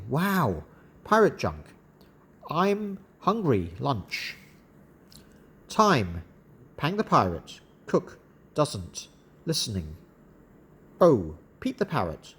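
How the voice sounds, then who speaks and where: A man reading for young learners in a calm, deliberate voice. He speaks extremely slowly, each word set apart clearly for the class to repeat. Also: mid-range voice. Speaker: narrator and word-list reader. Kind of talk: slow educational reading.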